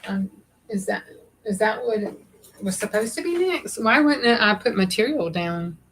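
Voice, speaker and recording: A woman's voice: medium pitch, lively intonation, moderate pace, a bit bright, poor audio. A woman hosting a crafting livestream, chatting nervously and rambling as she thinks aloud. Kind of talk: casual livestream chat while sewing.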